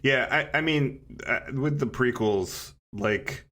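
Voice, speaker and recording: A man's voice: mid-range voice, slow, fairly bright tone. A man co-hosting a casual podcast, hesitant at first, then emphatic. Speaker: podcast co-host. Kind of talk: casual chat.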